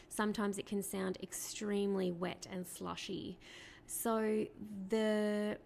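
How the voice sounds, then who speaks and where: A woman speech therapist explaining to parents in a clear, patient teaching talk, asking rhetorical questions along the way. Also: medium pitch, a little hiss or hum.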